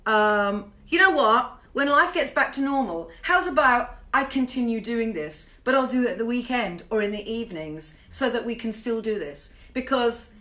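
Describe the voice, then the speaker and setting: British woman livestreaming from home, bright voice, chatty, swears a bit, shouts out viewers. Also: a little high, expressive, moderate pace, few pauses. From Britain. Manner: chatty, greets viewers by name, swears playfully. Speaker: singer hosting a home livestream. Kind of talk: casual livestream chat.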